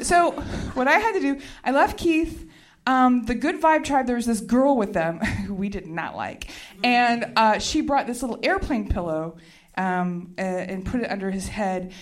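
A woman comedian on stage, telling a rambling, chatty story and laughing as she goes. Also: mid-range voice. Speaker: stand-up comedian. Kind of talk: stand-up storytelling. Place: stage before a live audience.

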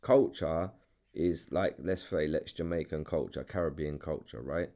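Speaking with an extremely low, dark voice, this young London-accented podcast host from England takes his time. He chats casually, often starting sentences over, saying things twice and cursing without restraint.

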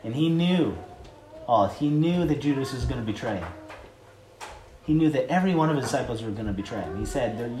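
A man's voice: medium pitch, lively intonation, normal speed. A man giving an informal sermon, talking conversationally with many fillers and building to emphatic preaching. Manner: frequent "like" and "you know" fillers. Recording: echoey room with loud noise.

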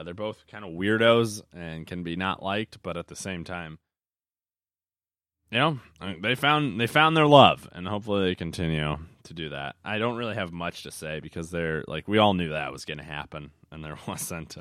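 Young male podcast host, casual rambling chat, lowish voice, dry close-miked sound. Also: lively intonation, moderate pace, fairly bright tone, clean tone, no room sound. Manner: rambling, chatty, hesitant with fillers and self-corrections.

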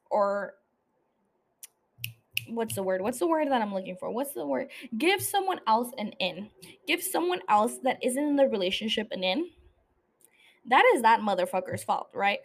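A young woman hosting a podcast, chatting casually in a blunt, profane and opinionated way. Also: fairly high pitch. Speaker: podcast host. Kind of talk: casual chat.

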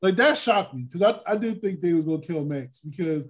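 A man hosting a casual podcast chat, animated, acting out his reactions with loud exclamations. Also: sits high, a little fast. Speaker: podcast host.

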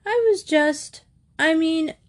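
A woman's voice: very high-pitched, slow pace, voice pushed up. A woman reading aloud voices an irritable, imaginative young boy who is exasperated with his mother. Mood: irritated.

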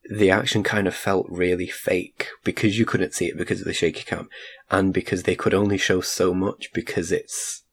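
A man's voice: low-pitched, slightly rough. A man casually reviewing a film in a chat, rambling with frequent restarts. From United Kingdom.

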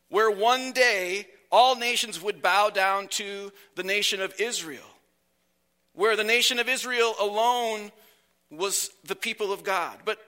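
Bright-voiced man preaching while sick. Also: high-pitched. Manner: earnest, emphatic preaching with slow drawn-out phrases. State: sick, slightly whiny voice. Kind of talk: sermon.

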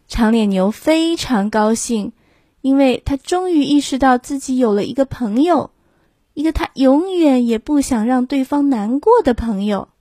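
Woman narrator for a bilingual children's book: unhurried, clear, dry studio sound. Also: a little high, darkish tone, no room sound. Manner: slow, clear read-aloud. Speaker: storyteller. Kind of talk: bilingual picture-book read-aloud.

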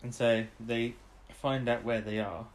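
A man co-hosting a casual podcast at an ordinary middle pitch. He rambles through a story recap with plenty of ums, now and then popping up into quick acted lines for the characters. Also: fairly even intonation. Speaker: podcast co-host. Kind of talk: casual chat.

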